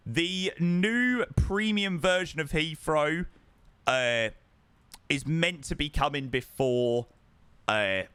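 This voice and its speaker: Slow and on the high side, this young man's smooth, fairly bright voice comes through a dry recording. He chats casually while playing a flight sim at home, saying hello to viewers and responding to what they type in chat.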